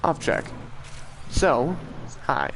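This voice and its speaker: A man's voice: on the high side, huge pitch swings, drawn-out words, gravelly, fairly bright tone, low-quality recording. Teen guy on a game stream mic, rambly, laughs at himself, bit of hiss in the background. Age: teens. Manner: rambling, self-deprecating, trails off and restarts. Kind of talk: casual stream chat. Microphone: desk mic for streaming.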